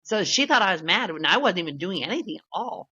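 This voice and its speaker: Bright, chatty woman podcast co-host. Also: on the low side, sing-song, fast, husky, dull audio. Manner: chatty, laughs often, retells stories with quoted voices. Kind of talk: casual chat.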